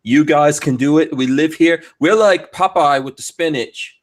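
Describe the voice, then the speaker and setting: A man hosting a live podcast, talking in a jokey, lively way and laughing often. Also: a little high, moderate pace. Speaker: podcast host. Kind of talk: casual live-stream podcast chat.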